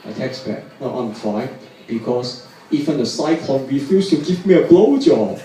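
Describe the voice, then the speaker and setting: A man's voice: mid-range voice, normal speed. Self-mocking young male stand-up comic. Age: 20s. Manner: deadpan, self-mocking, many fillers like "you know, uh". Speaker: stand-up comedian. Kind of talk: stand-up comedy set. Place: hotel pub venue, indoors, live audience. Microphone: far audience camera. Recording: echoey room, far mic, crowd noise.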